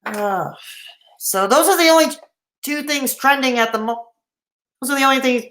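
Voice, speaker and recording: A woman's voice: high-pitched, lively intonation, normal speed, pauses often, a bit bright. A woman in her thirties from Canada hosting a rambling, casual late-night livestream, reading out and answering the live chat. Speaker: livestream host. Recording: echoey room.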